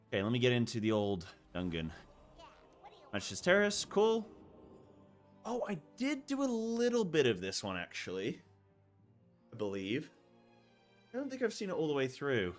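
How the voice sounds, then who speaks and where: A man's voice: medium pitch, huge pitch swings, moderate pace, pauses often, soft background music. A man streaming a game, chatting casually and muttering to himself as he picks options. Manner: rambling, mutters to himself while picking options. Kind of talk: casual gameplay chat.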